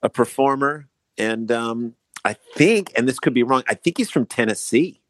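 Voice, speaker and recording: A man's voice: medium pitch, animated, fairly bright tone, no echo. A man co-hosting a comedy podcast, telling funny stories in casual banter. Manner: joking, quick storytelling with asides. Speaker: podcast co-host.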